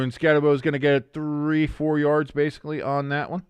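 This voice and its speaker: High-pitched dude doing live play-by-play on stream, super dry close mic, reads chat, gets shouty on big plays. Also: male voice, little pitch movement, normal speed, clean tone, no echo. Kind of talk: casual live play-by-play commentary.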